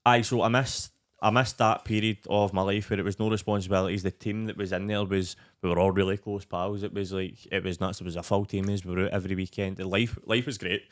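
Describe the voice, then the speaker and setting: In a low voice at a quick pace, a young podcast guest with a Scottish accent chats casually, spinning animated, rambling stories laced with swearing.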